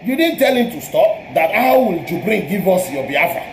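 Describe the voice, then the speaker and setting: A Nigerian man with a high-pitched voice argues politics hotly, repeating himself and cutting in over his guest. His voice rings in a roomy, echoing space. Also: very animated, normal speed, hardly any pauses, a little hiss or hum. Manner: forceful, interrupting, repetitive. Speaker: show host. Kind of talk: heated political debate. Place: abroad, home.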